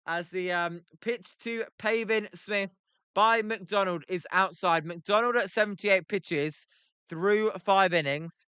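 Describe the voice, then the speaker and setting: A young British man with a British accent calling a baseball game on a livestream, reading chat aloud between pitches with lots of filler words. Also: slow pace, bright, forceful tone, clean tone, no room sound. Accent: British English. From Britain. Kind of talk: casual play-by-play livestream commentary.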